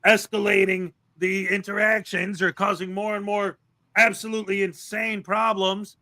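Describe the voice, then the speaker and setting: High-voiced, bright, ranting male host. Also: little pitch movement, moderate pace. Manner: ranting, sarcastic, rambling. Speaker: livestream host. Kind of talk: casual commentary chat.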